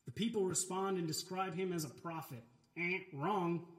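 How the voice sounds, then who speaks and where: A man's voice: sits high, fairly quick. A man, a pastor, preaching an earnest, emphatic sermon in a church sanctuary. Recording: echoey church room.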